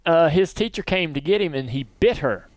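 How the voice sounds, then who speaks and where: A man hosting a podcast, telling stories in a relaxed, rambling way. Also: on the high side, normal speed, no room sound. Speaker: podcast host. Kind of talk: casual podcast storytelling.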